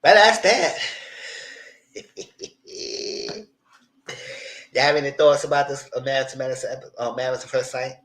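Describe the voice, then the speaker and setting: A young man hosting a casual live TV recap, animated and slipping into the voices of the people he quotes. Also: medium pitch, unhurried, long pauses, reverberant, rough recording. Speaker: YouTube TV recap host.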